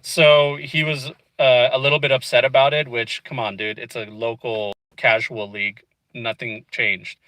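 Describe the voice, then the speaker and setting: A man's voice: medium pitch, level tone, moderate pace, pushed and bright, dry recording, rough recording. A man vlogging from inside a car, casually telling a frustrating story and peppering it with "dude" and "you know what I mean.".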